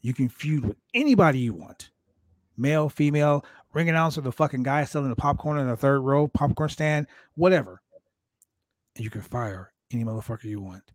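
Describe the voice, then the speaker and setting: A man hosting a podcast, swearing freely as he spins his stories in a loose, casual way. His voice sits at an ordinary middle pitch. The room adds almost no echo, so he sounds close and dry. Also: brisk. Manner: profane, animated storyteller. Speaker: podcast host. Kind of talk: casual interview chat.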